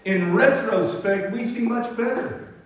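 A man's voice: very high-pitched, measured pace. A male pastor preaching a sermon, telling stories with frequent stammered restarts. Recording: echoey hall, mic from far off.

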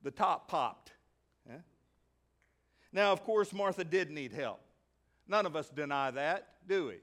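A middle-aged male pastor preaching a sermon, animated, often asking the congregation questions and acting out the people in his story. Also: a little high, a little slow. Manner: animated, acts out voices and asks the congregation questions.

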